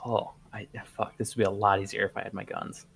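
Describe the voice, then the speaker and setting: Gravelly low-voiced man, wry tabletop player. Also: flat delivery, a little fast, fairly bright tone, faint music behind. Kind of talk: casual tabletop game chat.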